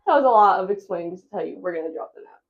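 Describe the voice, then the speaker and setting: A woman's voice: mid-range voice, animated, fast talker, highs cut off, a little hiss or hum. A chatty woman vlogging about her day as a mom, rambling from one thought to the next. She pokes fun at herself as she goes, in an easy mid-range voice. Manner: chatty and rambling, self-deprecating. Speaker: vlogger and stay-at-home mom. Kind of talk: casual vlog chat.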